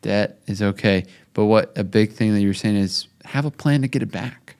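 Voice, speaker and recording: A man's voice: on the low side, moderate pace, darkish tone, clear, resonant tone. A man co-hosting a casual podcast, trading jokes and teasing banter with his co-host. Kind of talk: casual chat.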